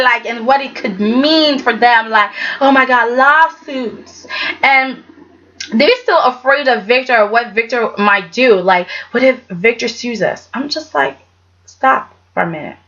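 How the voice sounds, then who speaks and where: A woman's voice: high voice, pushed and bright, lo-fi sound. A woman giving a casual, sassy vlog review of a soap opera, talking emphatically and tagging her points with "okay?".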